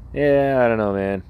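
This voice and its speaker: A man's voice: medium pitch, smooth, phone-quality sound. A man hosting a solo podcast who rambles, restarts himself and swears constantly. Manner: profane, rambling, self-interrupting. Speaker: podcast host.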